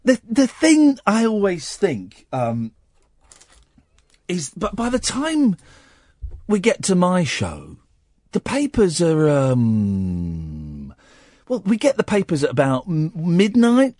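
A man's voice: high voice, huge pitch swings, a little mellow, dry recording, studio quality. A man hosting a late-night phone-in radio show, talking casually with many restarts and nursing a sore throat from a cold. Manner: rambling, halting, many restarts. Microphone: studio microphone.

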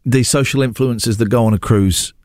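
A man's voice: mid-range voice, fairly quick, no room sound, studio quality. A man hosting a radio breakfast show, chatting and arguing in a mock-indignant, bantering way. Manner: animated, mock-indignant, argumentative.

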